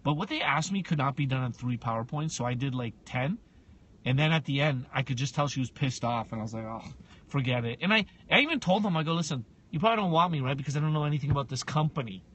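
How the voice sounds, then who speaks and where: A man co-hosting a casual podcast, telling a story with lots of energy, acting out both sides of the talk and sometimes breaking into shouts. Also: medium pitch, animated, fast, dull audio, slight background noise. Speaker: podcast co-host.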